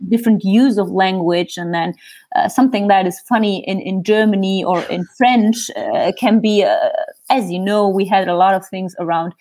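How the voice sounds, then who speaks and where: A woman speaking as an interview guest on digital marketing, talking thoughtfully and pausing to search for words. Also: medium pitch, darkish tone. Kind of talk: casual interview chat.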